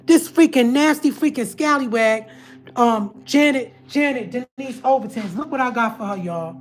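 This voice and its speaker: A woman's voice: fairly high pitch, moderate pace, soft background music. Heated woman livestreamer in an echoey room. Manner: heated, repetitive, addresses viewers as family. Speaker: livestream host. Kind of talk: emotional livestream rant.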